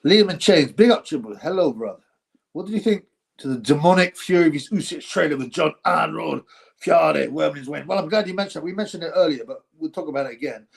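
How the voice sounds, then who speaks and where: A middle-aged Englishman hosts a loose live stream, reading out viewer comments and rambling from one thought to the next. His voice sits a little high and carries a gravelly rasp. He laughs often and sometimes drops into mock announcer voices. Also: lively intonation, fast talker.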